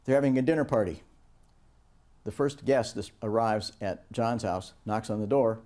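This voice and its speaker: Man telling a lecture story, dark tone. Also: on the low side, moderate pace. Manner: animated anecdotes. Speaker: course instructor.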